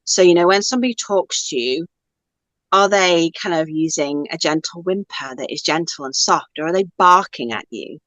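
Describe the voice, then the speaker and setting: A woman's voice: on the low side, moderate pace, a bit bright, dry recording. Reflective woman talking, dry close sound. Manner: reflective, rambling with many fillers. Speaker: guest, spiritual teacher. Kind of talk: casual conversation.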